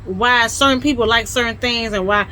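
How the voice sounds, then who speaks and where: A woman's voice: fairly high pitch, moderate pace, sharp tone, poor audio. A woman with a Southern US accent talks through history like a casual lesson, chatty and folksy, full of asides. A faint hum of vehicles sits behind her voice. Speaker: host teaching history. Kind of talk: casual explainer talk.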